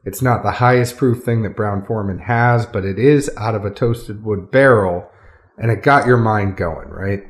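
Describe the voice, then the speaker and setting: A man's voice: lowish voice, normal speed. A man hosting a casual podcast from a friend's home, upbeat and chatty, laughing often into a studio mic. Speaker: podcast host. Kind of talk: casual chat. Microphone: studio microphone.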